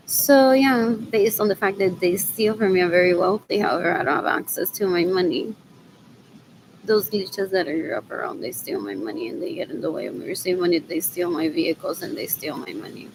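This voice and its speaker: A woman's voice: lowish voice, fairly quick, background noise. A woman vlogging in a rambling monologue, repeating herself, drifting between thoughts and muttering asides with Spanish words mixed in.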